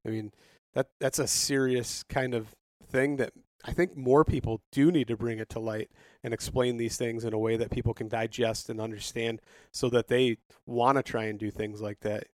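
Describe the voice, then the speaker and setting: Male host, mid-pitch, chatty and laughing, dry close sound. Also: little pitch movement, moderate pace, darkish tone, no echo. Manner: chatty storyteller, laughs often. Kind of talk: casual chat.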